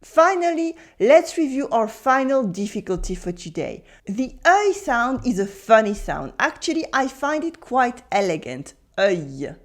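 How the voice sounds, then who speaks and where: A woman's voice: a little high, sing-song. A woman with a French accent teaching pronunciation in English, patiently modeling words and repeating them for the listener. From France. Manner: patient, drills words slowly with repetitions. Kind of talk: pronunciation lesson.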